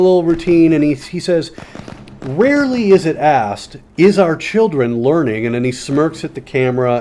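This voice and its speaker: A man's voice: medium pitch, mellow, slight background noise. A man chatting loosely while playing a game, full of fillers and restarts, with sarcastic asides. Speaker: gaming commentator. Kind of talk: casual rambling commentary while playing a game.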